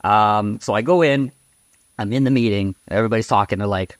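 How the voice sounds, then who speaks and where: A man's voice: lowish voice, a little fast, dry recording. A man talking casually as an interview guest, frank and outspoken, rambling with fillers and tag questions. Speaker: podcast guest. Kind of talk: casual conversational storytelling.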